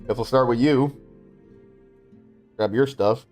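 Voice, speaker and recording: A man casually commenting on his gameplay, mumbling low-key asides to himself. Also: slow, a little mellow, faint music behind. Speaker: gamer.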